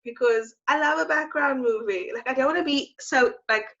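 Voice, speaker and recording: A young woman talks casually as a podcast co-host, gushing and animated. Her voice sits a little high and rings bright. The recording sounds dull and lo-fi. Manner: gushing, animated, quick to laugh. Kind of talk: casual chat.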